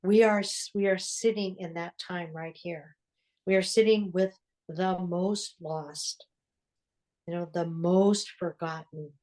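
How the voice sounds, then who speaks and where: An older woman with a fairly low voice speaks with earnest conviction and lingers in reflective pauses. She is a religious sister telling her story to an interviewer. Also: fairly even intonation, a little mellow. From United States.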